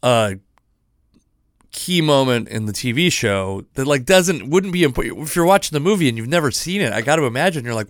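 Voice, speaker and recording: A man's voice: medium pitch, animated, brisk, dry recording, clean studio sound. A man in his thirties hosting a casual solo podcast, rambling with lots of restarts and self-deprecating asides. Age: 30s. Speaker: podcast host.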